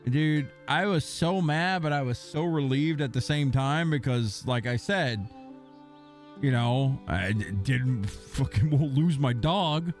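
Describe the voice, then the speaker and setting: A man's voice: mid-range voice, slow pace, faint music behind. A man streaming a game, chatting casually and telling a long story in a rambling way, swearing now and then. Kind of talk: casual chat while gaming.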